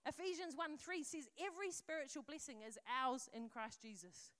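A woman's voice: sits high, moderate pace, a bit bright. A woman preaching a sermon, earnest and conversational, reading scripture aloud in a storytelling voice.

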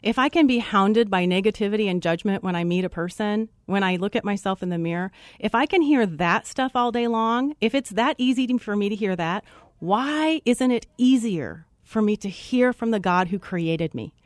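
A woman guest telling a personal faith story in an animated way, acting out what was said. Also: moderate pace, no echo, studio quality. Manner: expressive, acts out quotes with big pitch jumps.

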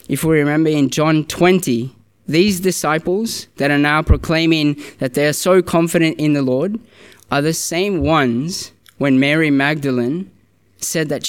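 A man's voice: a little high, clean tone. A man preaching a sermon in a church, earnest and conversational, often restarting his sentences. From Australia.

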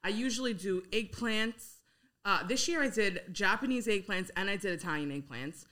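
A young woman with a Queens New York accent and a bright, sharp tone. She talks at a mid pitch for a woman. She talks bluntly and casually, with frequent swearing. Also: moderate pace. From Howard Beach, Queens, New York. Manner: blunt, frank, swears freely. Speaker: guest, home cook. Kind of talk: casual podcast chat.

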